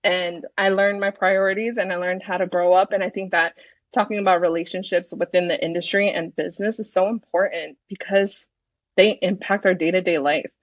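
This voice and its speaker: A woman in her thirties chats as a podcast guest with a frank, self-assured manner and the odd swear word. Her voice sits on the low side. The recording is dry and a little dull, with no room sound. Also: fairly even intonation, brisk, no room sound. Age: 30s. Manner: confident, frank, swears freely. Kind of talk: casual interview chat.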